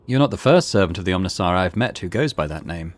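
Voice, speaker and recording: A man's voice: sits low, expressive, fast talker. A man playing through a role-playing game, reading its text aloud with casual asides. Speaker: gaming YouTuber.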